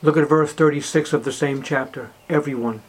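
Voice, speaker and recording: A man preaching a sermon, emphatic, swinging from loud declarations to hushed, slow words. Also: fairly high pitch, steady tone.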